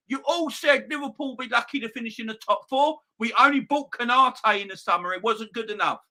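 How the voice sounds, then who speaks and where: A young man hosting a football fan channel, ranting loudly and excitably with plenty of swearing. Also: very high-pitched, a little fast, few pauses.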